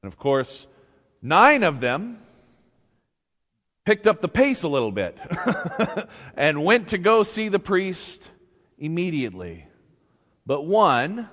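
Animated man preaching in an echoing church. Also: a little high, slow, pauses often. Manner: conversational, animated, acts out shouted quotes, chuckles. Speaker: pastor. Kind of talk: sermon. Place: church sanctuary. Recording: church hall reverb.

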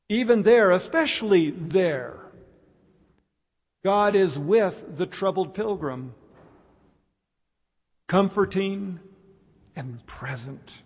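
A man preaching a sermon, slow and reflective, with dramatic pauses. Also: sits high, animated, a little mellow. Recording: long hall reverb.

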